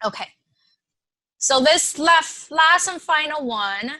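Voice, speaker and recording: A woman leading an online workshop, talking casually, reading participants' suggestions aloud and warmly affirming them. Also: sits high, animated, slow, no room sound. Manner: conversational, with frequent fillers and restarts. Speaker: workshop presenter.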